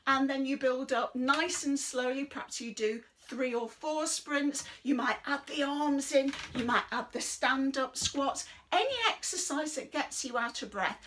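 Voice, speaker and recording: A middle-aged British woman leading a chair exercise class in a chatty, rambling, encouraging way, breathing deeply and a little out of breath. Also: unhurried, hardly any pauses, a bit bright, slight background noise. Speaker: fitness instructor. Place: indoors under a big light.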